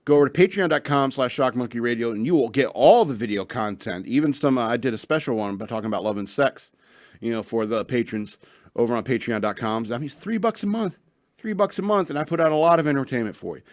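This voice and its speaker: A man's voice: medium pitch, animated, fast, no echo, clean studio sound. Sarcastic man hosting a talk show. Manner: rambling, sarcastic asides. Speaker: radio show host. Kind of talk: casual solo podcast talk.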